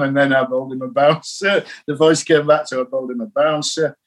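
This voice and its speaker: An older man from England, a cricket coach telling a lively story in an interview, acting out the lines he quotes. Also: mid-range voice, fast. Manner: anecdotal, animated, acts out quoted lines.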